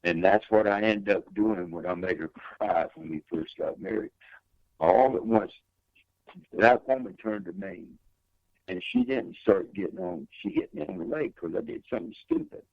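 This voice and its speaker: Gravelly older man telling a heartfelt story. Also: sing-song, moderate pace, no room sound, lo-fi sound. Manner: emphatic testimony with big pitch swings. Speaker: guest, singer. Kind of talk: storytelling in an interview.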